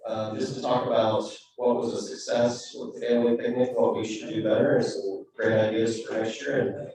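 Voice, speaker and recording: Dude leading a club meeting, chill and jokey, sounds far away in a really echoey room. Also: male voice, medium pitch, steady tone, moderate pace, vocal fry, warm tone. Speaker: meeting leader. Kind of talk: running club announcements.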